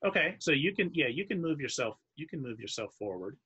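A man running a tabletop game as dungeon master, describing scenes haltingly with many pauses and restarts. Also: on the high side, big pitch swings, sharp tone, breathy edge, no room sound, muffled recording. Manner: halting, searching for words while describing.

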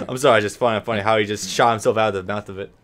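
Laid-back swearing gamer, lowish voice. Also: male voice, fairly bright tone. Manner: laid-back, swears freely, trails off with ums. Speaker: let's play host. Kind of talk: casual gameplay commentary.

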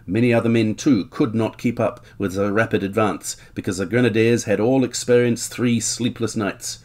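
A man's voice: lowish voice, fairly even intonation, moderate pace, a little mellow, lightly acted. A man reading a German regimental account aloud in a put-on German accent, with stirring, dramatic delivery.

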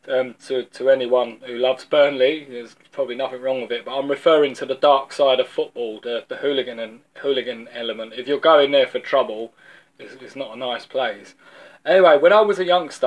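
A man from London with a London accent, giving an informal video sermon as a preacher, telling stories in a loose, conversational way and often repeating words as he restarts. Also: mid-range voice.

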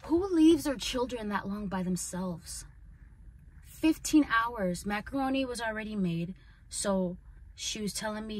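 An earnest woman recounts her own life story on her podcast, at an ordinary middle pitch. Her talk is loose and conversational, with plenty of "like" and "you know". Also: expressive, measured pace, a little mellow. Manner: earnest, conversational, full of "like" and "right?". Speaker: podcast host. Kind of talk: personal storytelling.

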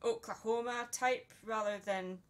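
A woman's voice: on the high side, steady tone, unhurried. A young Scottish woman with a Scottish accent, chatting casually and joking while she draws on a live stream. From Scotland. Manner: chatty, joking, laughs often. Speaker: streamer and artist.

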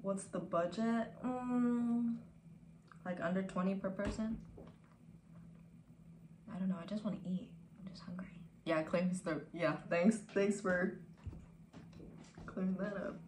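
A woman's voice: mid-range voice, a little slow, long pauses, a little mellow, slight background noise. A young woman in her twenties streaming from home, chatting casually with viewers in a laid-back, profane way that drifts into whispers. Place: home room. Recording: echoey room with faint ambience.

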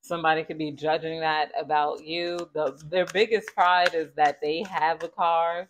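A woman's voice: sits low, steady tone, moderate pace, hardly any pauses, slight background noise. A woman giving a casual tarot reading to viewers, chatty and conversational, often asking spirit to tell her more. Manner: chatty and conversational, repeats 'Spirit, please tell me more'. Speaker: tarot reader.

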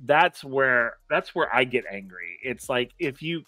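A man's voice: mid-range voice, expressive, measured pace, sharp tone, dry recording. Laughing, worked-up male podcast co-host. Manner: agreeable, laughing, worked-up storytelling. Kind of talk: casual podcast chat.

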